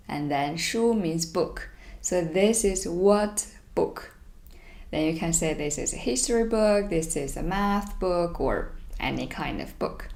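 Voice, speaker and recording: Slow, low-voiced Mandarin teacher woman. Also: creaky, darkish tone. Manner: reads each sentence slowly twice, then explains in English. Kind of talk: language lesson.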